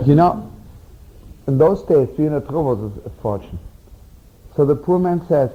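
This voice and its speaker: A rabbi telling Hasidic stories in an animated, chatty way, peppered with 'you know', at a middle pitch. The old tape is dull and muffled. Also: male voice, normal speed. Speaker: rabbi and storyteller. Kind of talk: teaching through Hasidic tales.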